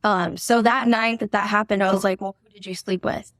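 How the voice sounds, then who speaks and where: A woman's voice: medium pitch, steady tone, a little fast, a bit bright, no room sound, clean studio sound. A young woman, a podcast guest, telling a story casually, filling her speech with "like" and swearing freely. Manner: chatty, heavy use of "like", swears freely. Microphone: podcast microphone.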